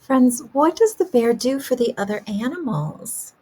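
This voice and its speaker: Slow-talking kindergarten teacher, woman. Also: high-pitched, lively intonation, husky. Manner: gentle questioning to young children. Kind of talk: teaching a class remotely.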